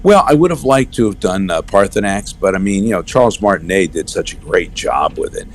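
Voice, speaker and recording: A middle-aged man, a voice actor, chatting as a guest in an interview and telling stories with animated asides. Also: sits low, slight background noise. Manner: animated storyteller, slips into quick character voices. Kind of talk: casual interview chat.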